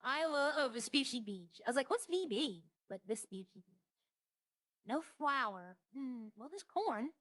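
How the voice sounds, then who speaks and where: A woman's voice: sits high, expressive, unhurried, a bit bright, no echo, clean studio sound. A young woman streaming a roleplay game, chatting casually to herself as she browses and lists things she sees. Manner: muses aloud, listing items as she browses.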